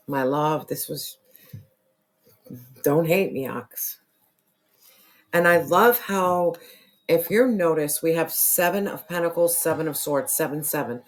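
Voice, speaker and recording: A tarot reader losing their voice, who keeps clearing their throat and talks earnestly and repetitively straight to the viewer. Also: medium pitch. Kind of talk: casual spiritual tarot reading to camera.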